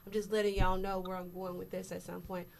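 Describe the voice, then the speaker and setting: A woman co-hosting a casual podcast, chatty and quick to laugh, talking straight to her listeners. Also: fairly low pitch, little pitch movement, vocal fry, darkish tone, a little hiss or hum. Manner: chatty, laughs easily, addresses listeners as y'all. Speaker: podcast co-host. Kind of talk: casual chat. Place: Houston.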